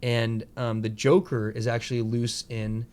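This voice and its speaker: Guy hosting a podcast, rambly and animated, lots of "like" and "you know", mid pitch. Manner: rambling, animated retelling of scenes with quick impressions; casual, profane, filler-heavy. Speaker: podcast host. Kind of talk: casual podcast chat.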